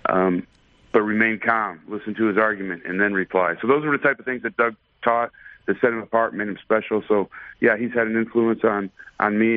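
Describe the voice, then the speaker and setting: Umpire guest, easygoing storyteller, lowish voice, dry tinny phone line. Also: male voice, no echo. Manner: easygoing, thoughtful, many fillers. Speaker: baseball umpire, interview guest. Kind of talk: casual storytelling in a radio interview.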